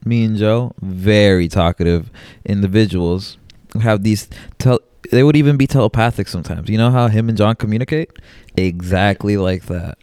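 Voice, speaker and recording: A man's voice: on the low side, normal speed, few pauses, a little mellow, smooth, no room sound, studio quality. A young man co-hosting a podcast, chatting casually, joking and swearing and laughing often. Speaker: podcast co-host. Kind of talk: casual chat.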